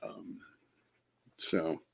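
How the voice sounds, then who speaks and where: A man on a casual late-night livestream from home, rambling and hesitant with lots of fillers, chatting to viewers by name. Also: drawn-out words.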